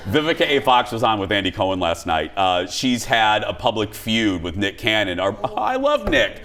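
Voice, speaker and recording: A man hosting a talk show in a studio, chatting and joking in an animated way. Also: normal speed. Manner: animated, joking, swoops between high and low. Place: TV studio with live audience. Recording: studio audience and room noise behind.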